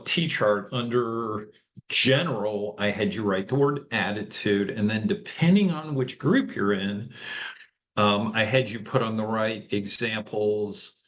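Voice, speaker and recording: With a fairly low, slightly bright voice, this workshop facilitator runs a leadership session online via video call. He keeps it conversational, frequently asking the group "okay?".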